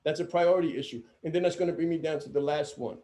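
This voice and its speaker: A man with a notably high voice leads a training session for coaches. He speaks emphatically and circles back to repeat his main points. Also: quick pace, mellow. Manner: emphatic, repeats key phrases.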